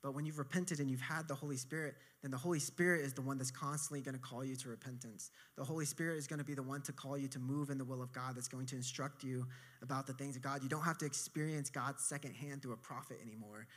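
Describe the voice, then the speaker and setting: A male pastor preaching a sermon in an easygoing, chatty way. He has a mid-pitched voice and corrects himself mid-sentence. His delivery feels like he is talking straight to his congregation. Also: steady tone, quick pace, fairly bright tone. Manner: casual conversational preaching with asides and self-corrections.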